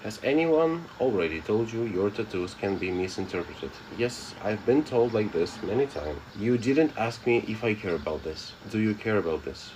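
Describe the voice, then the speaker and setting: A man with a fairly low voice hosts a casual live stream. He reads viewer messages aloud and answers them bluntly, sounding unbothered. A faint hiss of background noise sits under his voice. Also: lively intonation, moderate pace, few pauses. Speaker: live streamer reading chat.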